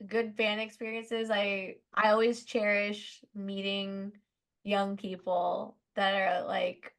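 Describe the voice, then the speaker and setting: A woman's voice: mid-range voice, vocal fry. A woman from Southern California chats as a podcast guest. She tells long, rambling stories with lots of fillers. She laughs easily and slips into voices when she quotes people. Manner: chatty, animated, lots of "like", laughs while telling stories. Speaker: guest musician. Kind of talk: casual podcast storytelling.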